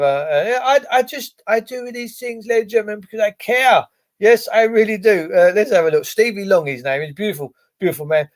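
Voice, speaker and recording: A man's voice: high voice, expressive, moderate pace, a little mellow. A man, hosting a livestream and ranting in a blunt, sarcastic way, swearing freely. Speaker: livestream host.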